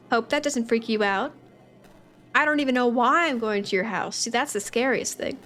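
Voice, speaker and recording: A woman's voice: fairly high pitch, normal speed, a bit bright, faint music behind. A woman streamer giving playful, joking commentary while playing a game. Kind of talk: let's play commentary.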